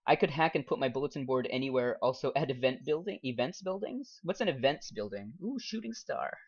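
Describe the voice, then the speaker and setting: A man's voice: medium pitch, lively intonation, fairly quick, breathy edge. A young man, a game streamer and English teacher, chatting casually and reading viewer comments aloud with frequent laughs. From United States. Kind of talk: casual live-stream chat while gaming. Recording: dull lo-fi stream audio.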